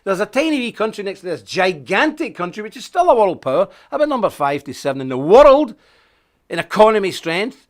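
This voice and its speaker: A man hosts an unscripted live-stream monologue with an outspoken, folksy manner. His pitch swings widely, and his voice sits a little above the usual male range. He leans hard on key words and drifts into homely asides. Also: sing-song, fairly quick. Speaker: host of a live stream report.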